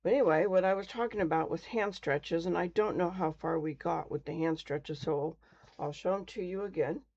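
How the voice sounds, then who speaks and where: A woman's voice: fairly low pitch, normal speed, darkish tone, muffled recording. A middle-aged woman casually teaching beginners on a live stream, chatty and rambling, often stumbling over her words. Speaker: crochet teacher.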